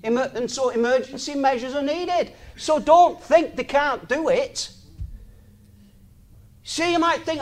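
A man's voice: very high-pitched, sing-song, a little slow. A man, talking in an informal sermon, chatty, laughing often and asking the listener rhetorical questions. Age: 60s.

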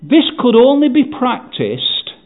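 A man preaching a sermon, animated, with frequent "you see" asides. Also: very high voice, slow. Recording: tinny phone-like sound.

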